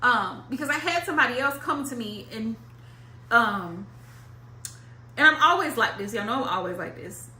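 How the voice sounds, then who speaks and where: A woman's voice: on the high side, animated, normal speed, pauses often, pushed and bright, reverberant. A woman giving a casual tarot talk to viewers, blunt and emphatic, repeating her points with slang and swearing. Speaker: tarot reader.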